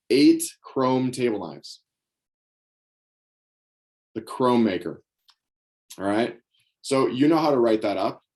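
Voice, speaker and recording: A young man leading a sales training session, energetic and coaching, repeating key phrases for his audience to write down. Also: mid-range voice. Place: indoors with knives on a table.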